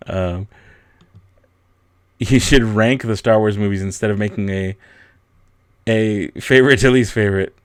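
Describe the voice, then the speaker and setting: A man's voice: lowish voice, steady tone, moderate pace, long pauses, no room sound, studio quality. A young man hosting a casual livestream, reading and answering chat, with frequent laughs and a rambling, self-deprecating way of talking. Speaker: livestream host.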